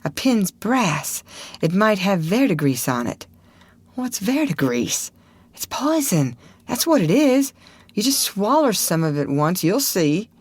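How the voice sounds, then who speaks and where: A woman's voice: mid-range voice, sing-song, a little slow, husky, no room sound, pitched above the performer's own voice. A woman voicing a nervous, scrappy country boy who talks in rustic dialect. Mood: urgent.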